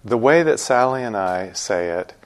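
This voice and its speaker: A middle-aged man giving morning instructions at a meditation retreat, unhurried and gently joking as he explains a chant. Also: fairly low pitch, animated. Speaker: meditation teacher.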